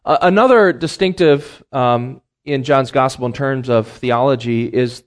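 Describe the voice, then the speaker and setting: A man's voice: medium pitch, unhurried. Man, middle-aged, Bible class lecture, mid-range voice, repeats key phrases. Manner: explains terms plainly, repeats key phrases, many ums and uhs. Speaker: Bible teacher.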